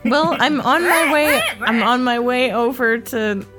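A woman playing a tabletop game, chatty and playful, with quick asides. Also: fairly high pitch, loud music behind the voice. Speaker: player. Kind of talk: casual tabletop role-play.

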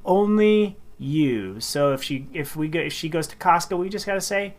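Woman co-host, reading tweets on the radio, giggly, acts out the quotes, lively pitch swings. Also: normal speed, hardly any pauses. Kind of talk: reading listener tweets on a comedy radio segment.

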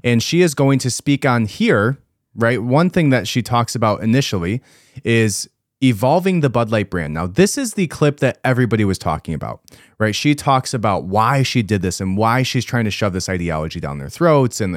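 A man's voice: medium pitch, sing-song, moderate pace, dry recording, clean studio sound. A man hosting a podcast, giving casual, emphatic commentary and repeating his points for force. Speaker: podcast host.

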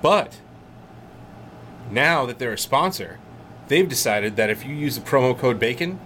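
A man co-hosting a podcast, giving relaxed, salesy sponsor pitches in casual chat. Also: a little slow, a little hiss or hum. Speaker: podcast co-host.

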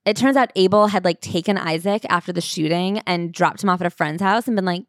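A woman's voice: on the low side, fairly quick, no echo. Wry woman co-host, dry close mic. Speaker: podcast co-host. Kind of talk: casual book-recap chat.

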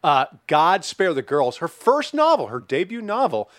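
A hyped male podcast host with a high, wildly swinging voice and loud shouted bursts. He talks close into a dry studio mic. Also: huge pitch swings, normal speed, no room sound. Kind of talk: rowdy comedic chat.

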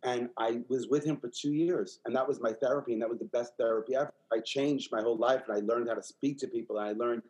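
NY guy, 50s, guest storyteller, lively and repetitive. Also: mid-range voice, quick pace, hardly any pauses, low-quality recording. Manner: animated, repeats himself, acts out quoted voices. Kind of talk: candid interview storytelling.

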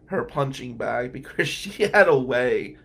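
A man's voice: mid-range voice, lively intonation, measured pace, vocal fry, husky. A man telling a candid, wry personal story as a podcast host, laughing now and then between lines. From New Jersey.

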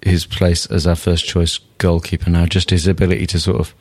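A man's voice: low-pitched, level tone, a little fast, darkish tone. A man co-hosting a casual football podcast, joking and swearing as he talks. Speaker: podcast co-host.

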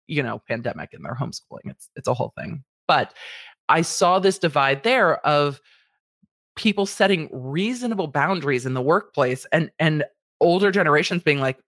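A woman's voice: low-pitched, lively intonation, normal speed, a bit bright, no echo, clean studio sound. A woman hosting a casual commentary show, talking animatedly and putting on exaggerated quoted voices. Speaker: commentary host.

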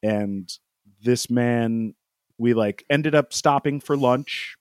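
A man's voice: medium pitch, slow, dry recording, clean studio sound. Rambling man telling a travel story. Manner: rambling, laughs often, acts out quotes. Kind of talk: casual storytelling.

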